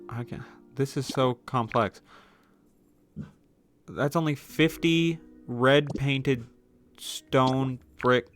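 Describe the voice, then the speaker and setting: A man's voice: medium pitch, a bit bright. Man, game streamer at his home desk; casual, joking, heavy swearing. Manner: rambling, joking, swears often. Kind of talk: casual live-stream gaming chat.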